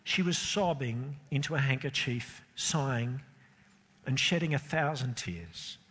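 Husky man reading a story dramatically. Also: medium pitch. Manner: expressive, emotional, with slow pauses. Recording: long hall reverb.

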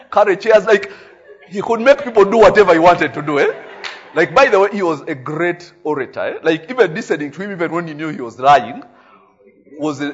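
A Ugandan man preaching a sermon in a husky, slightly raised voice. He spins stories with constant "eh?" tags and frequent laughter. The recording sounds muffled and lo-fi. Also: fairly high pitch. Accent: Ugandan English. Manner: animated storytelling, frequent "eh?" tags, laughing often. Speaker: pastor.

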